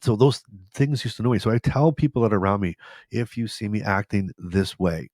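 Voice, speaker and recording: Low-voiced man giving rambling advice. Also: brisk, a little mellow, no echo. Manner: rambling, repeats himself for emphasis. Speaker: podcast host. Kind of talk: casual advice monologue.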